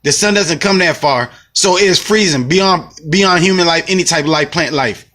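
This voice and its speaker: A man from the United States delivers a heated, profane vlog rant. His voice is bright and forceful, sitting a little high for a man. He circles back to the same points and repeats himself. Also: moderate pace. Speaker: vlogger. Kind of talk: ranting vlog monologue.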